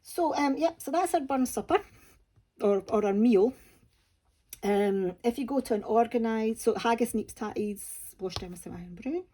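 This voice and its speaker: A woman's voice: a little high, lively intonation, moderate pace, mellow. A Scottish woman from Scotland, hosting a crafting channel and chatting casually to camera in a homely, self-deprecating way.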